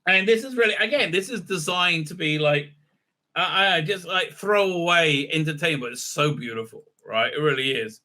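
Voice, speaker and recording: Man, film review host, casual recap, irreverent, high-pitched, very bright. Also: expressive, normal speed. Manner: irreverent, joking, swearing, many "uh, uh" fillers.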